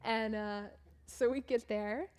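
A woman's voice: fairly high pitch, steady tone, takes it slowly, darkish tone, smooth. A young woman gives a casual talk from the front of a church, walking through her slides. She is chatty and self-mocking, and her voice jumps up when she reaches the funny parts. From Maine, USA. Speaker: church mission trip speaker.

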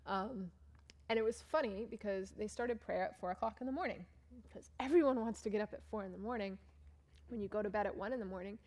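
A woman's voice: medium pitch, fast talker, a little mellow. A young woman from Maine telling a chatty, self-mocking story about a mission trip to a church audience while showing slides. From Maine, USA. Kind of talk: casual storytelling talk with slides.

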